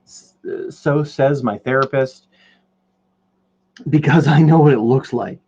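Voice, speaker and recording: A man's voice: medium pitch, slow, a little mellow, slightly rough, highs cut off. A man hosting a podcast in a casual, rambling chat while he paints, joking at his own expense. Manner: rambling, jokey, self-deprecating. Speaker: podcast host.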